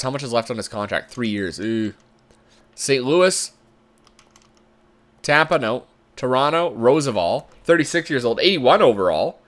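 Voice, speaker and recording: Man, casual game commentary, thinking aloud, chatty, animated pitch. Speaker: gamer commentator.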